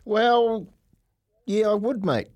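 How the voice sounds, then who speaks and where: A man's voice: high voice, takes it slowly, darkish tone. A man co-hosting sports radio, telling stories and laughing with his co-hosts. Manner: storytelling, laughing. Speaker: radio co-host. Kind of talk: casual sports radio banter. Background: faint music.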